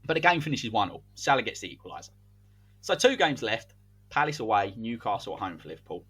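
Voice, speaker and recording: A fast-talking man with a slightly husky voice co-hosts a casual podcast, spinning an imagined football season as though commentating it live. Animated and playful, he lets his pitch swing widely as the hypothetical tale builds.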